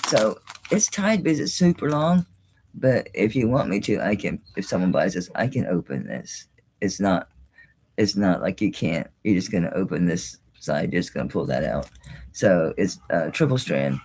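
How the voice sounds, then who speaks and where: A woman with a low voice hosts a casual live jewelry sale, chatty and exclaiming. Her pitch swings widely as she talks, and she drops in mild swearing. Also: lively intonation, normal speed, darkish tone, husky. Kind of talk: casual live-stream sales talk.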